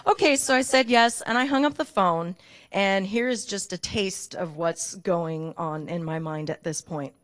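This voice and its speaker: A woman speaks to her congregation from the front of a church sanctuary. She shares a candid personal testimony of gratitude in an open, emotional way and often breaks into rapid spoken lists. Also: mid-range voice. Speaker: church member giving a gratitude talk.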